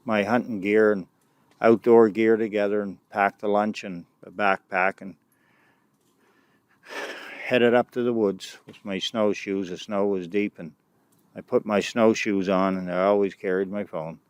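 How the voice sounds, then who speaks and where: A middle-aged man with a deep, low voice tells personal stories in a relaxed, unscripted way. He stops and restarts often and keeps circling back with side remarks. The sound is close and dry, with no room echo. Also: clean tone. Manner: halting and unpolished, with many restarts and "anyway" asides. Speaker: youth mentor recounting experiences. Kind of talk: casual personal storytelling.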